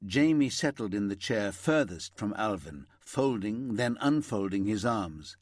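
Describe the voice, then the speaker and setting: A male audiobook narrator with a lowish voice that rises and falls with lively, animated inflection. He tells the story steadily on a close mic. The read is dry, with no room sound. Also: measured pace, no echo. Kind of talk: scripted narration of a crime thriller.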